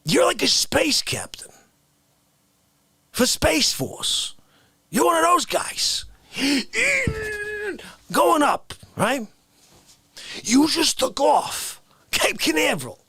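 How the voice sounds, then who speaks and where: A man playing an indignant, easily offended Bronx man in an improvised comedy rant, lurching between shouts and whispers. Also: very high voice, wildly swooping pitch, very slow, creaky, long pauses, no echo, pitched above the performer's own voice, heavily acted.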